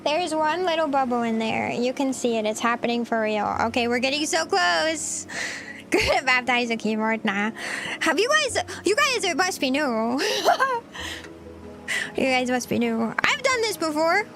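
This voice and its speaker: Very high, giggly, flustered young-sounding woman. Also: big pitch swings, normal speed, fairly bright tone, soft background music. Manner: giggly, flustered, talks to chat while cooking. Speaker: streamer cooking on camera. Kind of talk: casual livestream chat.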